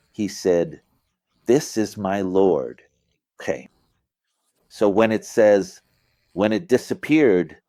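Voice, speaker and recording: Man, middle-aged, casual religious lesson, mellow dark tone, keeps asking "you get it", acts out lines. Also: lowish voice, no echo. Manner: conversational, asks listeners "you get it?"; acts out phrasings with vocal emphasis. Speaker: religious teacher. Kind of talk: informal explanatory lecture.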